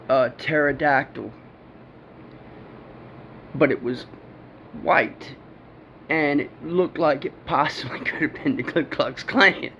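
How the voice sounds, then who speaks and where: Here a man's fairly high, fairly bright voice tells of a personal encounter, wandering off track, cursing, and laughing a lot. It's captured on dull lo-fi audio with faint noise behind it.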